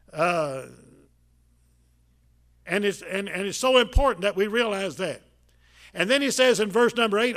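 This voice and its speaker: High-voiced older preacher, folksy and halting. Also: male voice. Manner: folksy, repetitive, many filler "uh"s, swings between loud emphasis and quiet asides. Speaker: pastor. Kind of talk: sermon.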